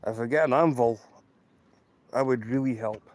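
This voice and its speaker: Outdoors by the tracks, a Scotsman who livestreams trainspotting talks to his audience through a handheld camera. His mid-range, slightly mellow voice moves at normal speed as he rambles, stresses points and repeats himself.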